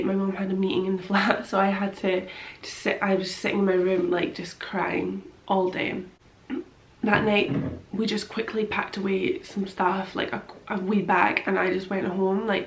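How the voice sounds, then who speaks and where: A young woman vlogger tearfully tells a personal story to camera, rambling with lots of fillers and quoting her own thoughts. Her mid-range voice is flat at a normal speed, and the poor-quality audio sounds reverberant.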